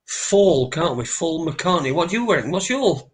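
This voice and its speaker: A man's voice: on the high side, sing-song, moderate pace. A man, co-hosting a casual chat and telling rambling, sweary stories. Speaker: podcast co-host.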